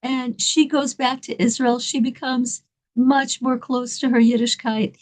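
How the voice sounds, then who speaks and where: A woman telling an inspirational story in an animated, dramatic way, laughing between lines. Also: sits high, unhurried.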